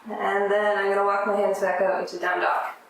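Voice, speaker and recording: Woman yoga teacher with gentle, encouraging cues, mid-pitched, heard from a distance in a very echoey room with faint room noise. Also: little pitch movement, fairly quick. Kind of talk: guided yoga class instruction.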